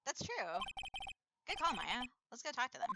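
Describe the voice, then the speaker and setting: A woman's voice: fairly high pitch, wildly swooping pitch, moderate pace, heavy background noise. A woman reading a stammering young lawyer. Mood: hesitant. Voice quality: hesitant, stammering. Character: awkward young male defense lawyer. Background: loud game music.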